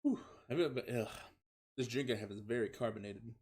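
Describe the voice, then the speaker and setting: A man's voice: medium pitch, brisk, a little mellow, breathy edge. A young man streaming a comic reading of fan fiction, giggling, stumbling over words and swearing in asides.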